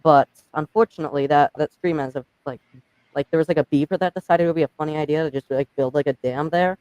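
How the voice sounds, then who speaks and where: Young male stream host, quick rambling chatter, slightly high voice. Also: darkish tone, smooth, dry recording, poor audio. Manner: rambling, heavy use of "like". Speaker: channel host. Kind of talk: casual live-stream chat.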